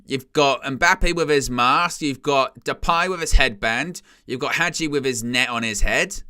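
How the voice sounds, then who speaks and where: A man's voice: mid-range voice, measured pace, sharp tone, clean tone. A man hosting a live football watchalong, joking, laughing often and reading out the chat. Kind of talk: live match watchalong commentary.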